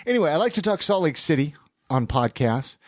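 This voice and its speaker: A man's voice: fairly high pitch, sing-song, a little fast, no room sound, clean studio sound. A man hosting a podcast interview, asking long, rambling questions. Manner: rambling questions, many restarts. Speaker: podcast host. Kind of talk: casual interview.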